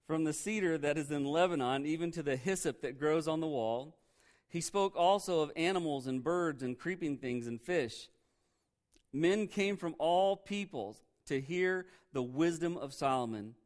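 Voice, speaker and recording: A male pastor preaching a sermon in a conversational way, asking the congregation questions and laughing at himself now and then. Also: on the high side.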